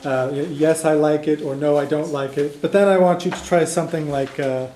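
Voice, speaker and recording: A man teaching a beginner language class, relaxed and chuckling, with plenty of fillers. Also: on the high side, fairly quick, slight background noise. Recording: echoey classroom.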